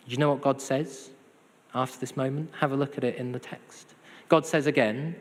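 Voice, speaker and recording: A man's voice: mid-range voice, lively intonation, a little slow. A man preaching a sermon, conversational with self-deprecating humor. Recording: hall reverb.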